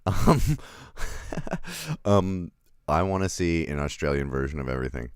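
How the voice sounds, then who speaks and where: A man's voice: low-pitched, huge pitch swings, a little slow, pauses often, clean tone, no echo, clean studio sound. A man reviewing a film in a casual livestream, rambling, chuckling and answering live chat as he goes.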